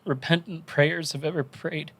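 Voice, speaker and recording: A man on a podcast telling his conversion story in an earnest, animated way, moved to tears. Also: fairly high pitch, normal speed. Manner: earnest, animated storytelling with quoted inner voices. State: tearful, crying. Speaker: podcast guest.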